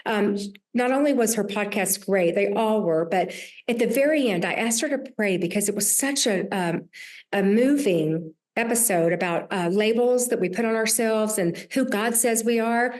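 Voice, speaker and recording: A woman's voice: medium pitch, moderate pace, a little mellow. A woman in her sixties with a Southern US accent, a podcast host talking earnestly about her year, with many restarts. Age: 60s. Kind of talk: reflective conversation.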